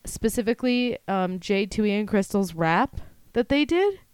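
A young woman co-hosting a podcast in casual chat, blunt and quick to swear and laugh. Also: mid-range voice, expressive, a little mellow, clean tone, no room sound, clean studio sound. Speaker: podcast co-host.

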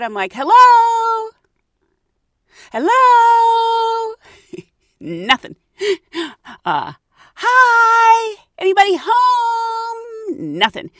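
A woman's voice: sits high, fairly bright tone, no echo, studio quality. A woman casually telling a travel story, acting out the voices of the people in it and laughing often.

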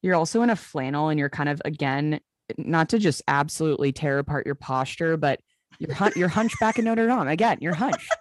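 A woman's voice: sits low, animated, fairly quick, no echo. A young woman co-hosting a podcast, teasing and sarcastic, with a lot of "like" fillers. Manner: frequent "like" fillers. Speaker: podcast co-host. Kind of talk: casual chat.

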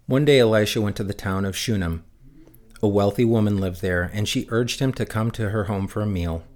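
A man reading Bible passages aloud for a church, in a measured, steady way that slows down for emphasis. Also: lowish voice. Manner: lifts his voice for shouted lines in the text. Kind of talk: scripted scripture reading.

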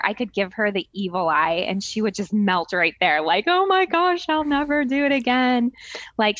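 A woman's voice: medium pitch, dry recording, highs cut off. A woman in her forties co-hosting a podcast, telling family stories in casual chat and acting out the voices in them. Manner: animated storyteller, acts out quoted voices. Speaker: podcast co-host.

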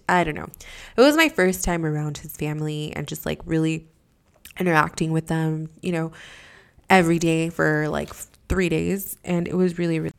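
A woman's voice: fairly low pitch, gravelly. A young woman from Mexico hosting a podcast, telling a story casually, exasperated and profane, with lots of fillers and drops into a whisper. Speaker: podcast host.

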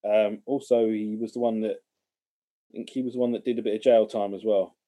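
A man co-hosting a podcast, talking in a relaxed, hesitant way with many fillers. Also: fairly low pitch, brisk. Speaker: podcast co-host. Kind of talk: casual chat.

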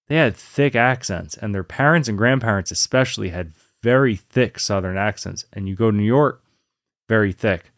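A man's voice: fairly low pitch, dry recording, clean studio sound. A man from Virginia, telling stories in casual conversation as a podcast co-host, rambling with fillers. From Virginia, USA. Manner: rambling storyteller with fillers and restarts.

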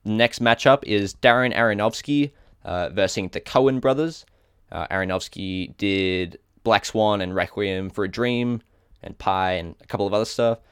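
A man's voice: fairly low pitch, moderate pace, clear, resonant tone, dry recording, studio quality. A man with an Australian accent co-hosting a casual podcast, reading out a list and stumbling over hard names with small self-corrections. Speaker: podcast co-host.

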